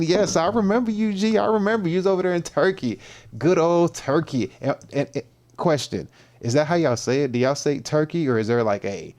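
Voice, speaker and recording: A man's voice: mid-range voice, darkish tone. Laid-back slangy man streaming. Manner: laid-back, slangy, greets viewers by name. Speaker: fitness livestream host. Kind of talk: casual livestream chat.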